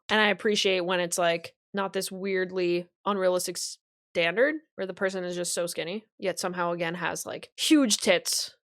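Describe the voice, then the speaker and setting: A woman's voice: lowish voice, fairly bright tone. A young woman hosting a reaction stream. She talks in a blunt, profane and chatty way as she comments casually.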